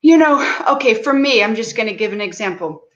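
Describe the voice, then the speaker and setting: A woman's voice: fairly high pitch, animated, brisk, lo-fi sound. A woman hosting a casual chat, thoughtful and searching for her words. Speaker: host.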